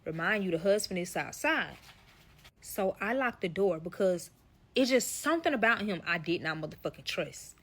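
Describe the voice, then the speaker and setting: A woman tells a wild personal story, swearing freely and talking right to her listeners. Her voice sits at an ordinary middle pitch for a woman, and she keeps the telling animated and blunt. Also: normal speed. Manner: profane, animated storytelling addressing the audience. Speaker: storyteller guest. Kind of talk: casual story time.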